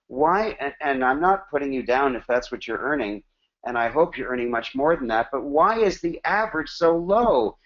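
A man's voice: mid-range voice, highs cut off. A man in his forties giving a motivational business workshop, emphatic and full of rhetorical questions and punchy repetition. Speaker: business presenter.

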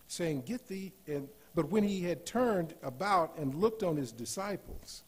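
A man preaching a sermon in a church, rising to loud emphatic scripture reading and dropping to softer asides. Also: on the high side, lively intonation, measured pace, hardly any pauses, slightly rough. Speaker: guest preacher. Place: church sanctuary.

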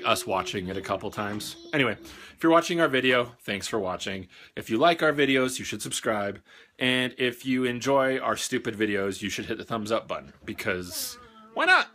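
A man's voice: mid-range voice, sharp tone. A young man and father co-hosting a casual family vlog, talking in a joking, self-deprecating, rambling way.

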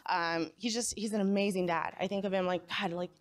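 A woman's voice: medium pitch, steady tone, brisk. A young adult woman speaking at a young adults' church gathering, telling her story in a casual, conversational way and often checking in with the crowd with "right?". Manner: engages the audience, asks them to call out. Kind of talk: personal testimony talk.

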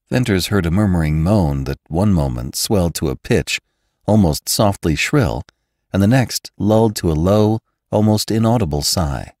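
Deep male narrator for classic fiction; measured and expressive, very low voice with lively rise and fall, dry close sound. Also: dry recording. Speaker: narrator and podcast host. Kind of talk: scripted audiobook narration.

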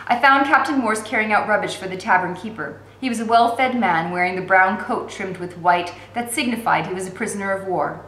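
Woman, teacher, read-aloud narration, expressive, echoey room. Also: medium pitch. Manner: steady, expressive reading. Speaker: teacher reading a novel aloud.

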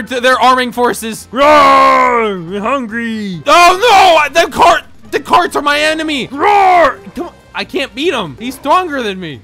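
An excitable gameplay commentator who jokes, laughs and often shouts while narrating a game. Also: mid-range voice. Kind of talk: let's-play commentary.

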